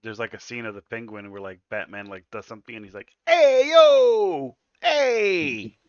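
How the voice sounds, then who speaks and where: A man co-hosting a casual podcast chat, laughing often and breaking into loud, goofy impressions. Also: lowish voice, level tone, fast, no room sound, lo-fi sound. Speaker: podcast co-host.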